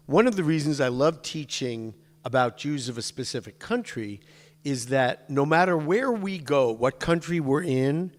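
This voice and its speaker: A man giving an informal, chatty lecture to a synagogue class and digressing to talk with his students. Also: medium pitch. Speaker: synagogue teacher. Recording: long hall reverb.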